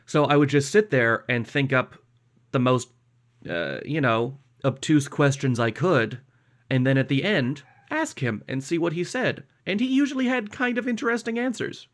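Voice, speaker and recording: A man's voice: fairly high pitch, animated, normal speed. A young man from Canada co-hosting a podcast in casual chat, with dry, self-mocking humor. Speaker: podcast co-host.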